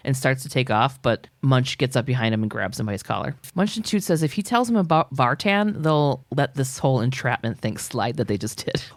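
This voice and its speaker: Low-voiced sweary woman recapping. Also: brisk, few pauses, no echo. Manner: sweary, deadpan recapping with laughs. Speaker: podcast co-host recapping a TV episode. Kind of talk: casual chat.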